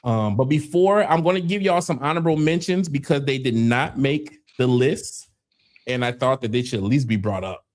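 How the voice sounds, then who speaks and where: A man's voice: medium pitch, moderate pace. A man hosts a podcast in a loose, casual way. He talks over his guests and often says things twice as he steers the conversation. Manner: loose, talks over others, repeats himself. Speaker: podcast host. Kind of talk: casual chat.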